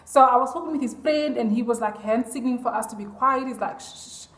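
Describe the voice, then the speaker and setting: This vlogger, a woman with a high, slightly bright voice, races through a story for her audience in a chatty, confiding tone. Her telling is peppered with ums and "I'm like," and there's a clear echo in the room.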